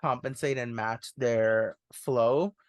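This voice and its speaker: A man's voice: medium pitch, steady tone, slow, no echo, clean studio sound. A young man hosting a film review podcast, chatting casually and enthusiastically, often laughing while he talks. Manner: enthusiastic, laughs while talking, says "one hundred percent". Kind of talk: casual movie review chat.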